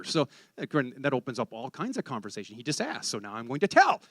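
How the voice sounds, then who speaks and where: A man's voice: mid-range voice, wildly swooping pitch, fast, fairly bright tone, breathy edge, dry recording. A man preaching a sermon, telling a story and acting out the conversation, then rising to fervent exhortation.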